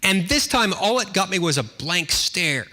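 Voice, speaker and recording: Bright-voiced man telling a dry funny story. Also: sits high, big pitch swings, normal speed. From United States. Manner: self-deprecating, dry humor with many restarts. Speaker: senator giving a speech. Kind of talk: humorous anecdotal speech.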